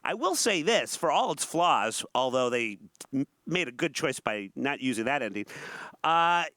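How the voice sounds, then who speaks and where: A man's voice: mid-range voice, normal speed, no echo. A man co-hosting a morning talk show, joking wryly in casual chat and reading an article aloud. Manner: wry, joking, animated delivery.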